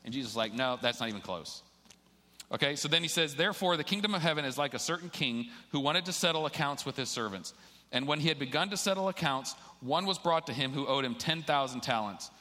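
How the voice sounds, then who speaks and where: A pastor with a mid-range, pushed, bright voice preaches to his church in a relaxed, conversational style. He reads scripture aloud and then explains it, and the recording carries a long hall reverb.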